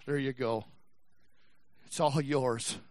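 A male pastor preaching a sermon, swinging from shouted passages to quiet, slow, emphatic stretches. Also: medium pitch, steady tone, no echo. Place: church.

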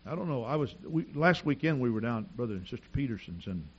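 A middle-aged man preaching a sermon, telling stories in an animated, repetitive way with frequent restarts. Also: medium pitch, quick pace, muffled recording, slight background noise. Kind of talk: sermon with storytelling.

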